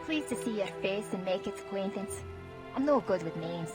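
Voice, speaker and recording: A man's voice: sits high, lively intonation, moderate pace, over music, pitched above the performer's own voice. A man voicing a scatterbrained, folksy woman who keeps a camp drinking. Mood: chummy. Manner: rambling, folksy.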